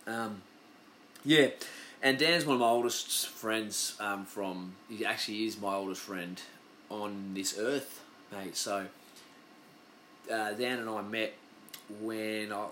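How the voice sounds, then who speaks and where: A man's voice: lowish voice, steady tone, slow, pauses often, a bit bright, slight background noise. An Australian man hosting his podcast, telling stories in a loose, rambling, profane chat. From Western Australia. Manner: loose, profane, chatty storytelling. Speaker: podcast host. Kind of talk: casual rambling monologue.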